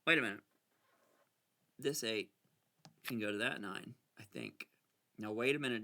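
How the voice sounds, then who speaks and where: A man casually talking himself through a card game, anxious and excitable, arguing with himself as he plays. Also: medium pitch, normal speed, pauses often. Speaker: gameplay video creator. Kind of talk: casual talk over a solitaire game.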